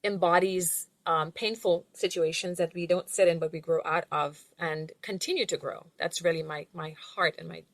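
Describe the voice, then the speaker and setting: A woman guest on an interview podcast, a money and life coach, speaking in an earnest, measured way. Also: fairly low pitch, fairly even intonation, dry recording. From outside the US. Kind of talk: reflective interview answers.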